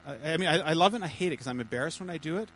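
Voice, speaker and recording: A man, a pastor, giving informal teaching to a small church group in a halting, chatty way, with many repeated words and restarts. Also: a little high, animated, fairly bright tone, a little hiss or hum, poor audio. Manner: chatty, jokey asides.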